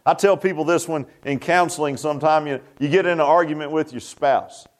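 Folksy pastor, high voice. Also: male voice, brisk. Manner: folksy, rambling with restarts and asides. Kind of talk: sermon.

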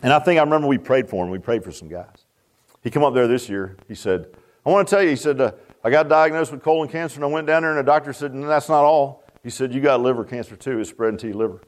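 A man preaching a sermon, emphatic, with dramatic swings in pitch. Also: fast.

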